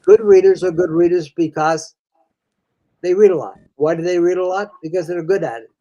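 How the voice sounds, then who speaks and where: An older man who specializes in reading talks in a high, mellow voice at an ordinary pace, with the upper frequencies cut off. His explanation is folksy and chatty, he addresses the listener as "friend," and he keeps restarting his sentences.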